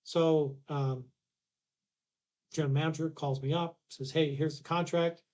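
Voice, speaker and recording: A man's voice: a little high, steady tone, unhurried, darkish tone. A man, a podcast guest telling a long anecdote with restarts and acted-out dialogue. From Canada. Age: 60s. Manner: rambling anecdotes with restarts, acts out quoted dialogue. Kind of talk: casual storytelling.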